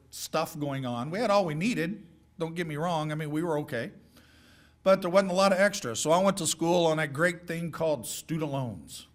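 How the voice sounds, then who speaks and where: A middle-aged man addresses a class of high school seniors in a folksy, joking way, handing out direct advice. His voice sits a little high for a man. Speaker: guest speaker.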